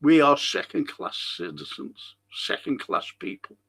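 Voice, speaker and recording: Slow, gravelly Liverpool man ranting. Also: fairly high pitch, very animated, a bit bright. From England. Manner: blunt, indignant, swears freely. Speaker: host of a live talk stream. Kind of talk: rambling monologue reading viewer comments.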